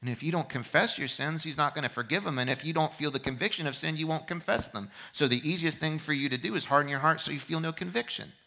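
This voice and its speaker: A male pastor preaching a sermon with a bright, forceful voice. He pushes hard on his exhortations, then drops low and quiet to tell a story. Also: fast, vocal fry, hardly any pauses. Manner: impassioned preaching that swings from loud exhortation to quiet reflection. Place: church service.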